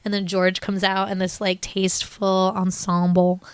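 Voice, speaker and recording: An eager young woman co-hosts a podcast, retelling scenes in a relaxed, casual way. Her voice sits in a middle range. The sound is dry and close to the mic. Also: medium pitch, moderate pace, clear, resonant tone, no echo. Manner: eager, animated retelling with "like" fillers. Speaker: podcast co-host. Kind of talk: casual chat.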